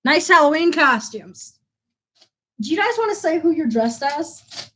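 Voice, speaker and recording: A woman with a high, light voice hosts a relaxed live stream challenge. She bosses her guests around in a teasing way and laughs often as she talks. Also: a little slow, a little hiss or hum, poor audio. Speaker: stream host.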